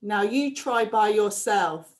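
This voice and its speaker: A woman teaching a phonics lesson to a reception class, sounding out letters slowly and speaking with animated exclamations. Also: medium pitch. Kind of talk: phonics lesson for young children.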